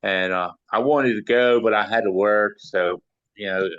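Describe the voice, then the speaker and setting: An older man from Maryland, a sound engineer appearing as an interview guest, tells long, rambling stories stuffed with "you know." His voice is lowish, fairly bright, clear and resonant, with fairly even intonation and a moderate pace; there's no echo, but the audio is dull.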